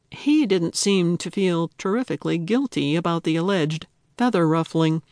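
A woman narrating a cozy mystery audiobook in a measured, unhurried way. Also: on the low side, a little mellow, no room sound, clean studio sound. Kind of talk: scripted narration.

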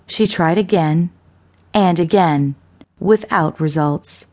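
A woman narrating a suspense thriller audiobook in a measured, unhurried reading. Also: on the low side, lively intonation, a little mellow.

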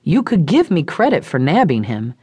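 Brief: woman reading headstrong young woman, blunt, animated delivery, dry close sound. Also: deep voice, normal speed, husky, dry recording, exaggerated voice. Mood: defiant.

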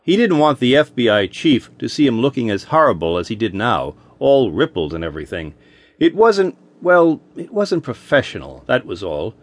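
A man's voice: medium pitch, moderate pace. Man narrating a wry audiobook. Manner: wry, expressive storytelling.

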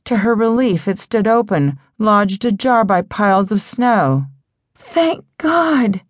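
A woman narrating an audiobook in a steady, dramatic storytelling manner. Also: mid-range voice, a little slow, no echo. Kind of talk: scripted narration.

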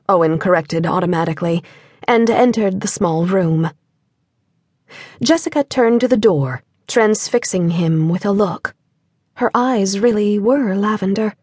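Female narrator, husky, mid-pitched, measured and gentle; dry studio read. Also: expressive, no echo. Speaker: audiobook narrator. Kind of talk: scripted narration.

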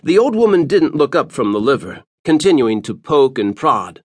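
A man reads an audiobook in a dramatic, scripted style. His pitch sits in the middle of the male range but moves a great deal, giving the narration lots of movement. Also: sing-song, moderate pace, a little mellow, husky, no echo.

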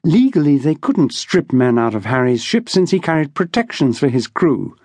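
This is scripted audiobook narration by a man whose voice runs a bit high for a male. He tells the story steadily and evenly, captured in a close, dry recording without any room ambience.

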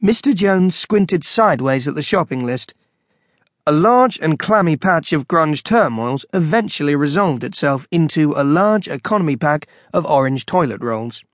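Guy narrating a story collection, kinda high voice, dry close mic, calm wry delivery. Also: moderate pace, no echo. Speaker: audiobook narrator.

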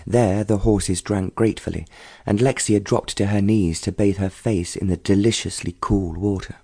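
A man narrating a romance novel audiobook in a measured storytelling manner. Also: fairly low pitch, fairly even intonation, dark tone, slightly rough. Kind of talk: scripted narration.

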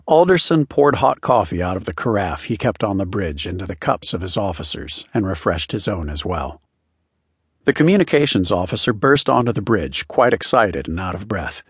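A male audiobook narrator with a low, husky voice. He reads in a steady, measured way, and his intonation stays lively. The studio recording is close and completely dry. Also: no echo. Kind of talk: scripted narration.

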